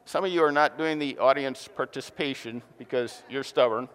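Joking preacher in a reverberant hall. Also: male voice, mid-range voice, a little fast. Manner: joking, lively preaching with audience asides. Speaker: pastor. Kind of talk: sermon. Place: church hall.

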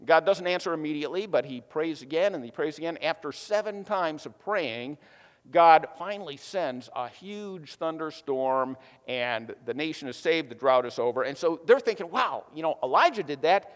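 A man's voice: a little high, normal speed. A man preaching a sermon in a casual, chatty storytelling way, full of fillers. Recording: long hall reverb.

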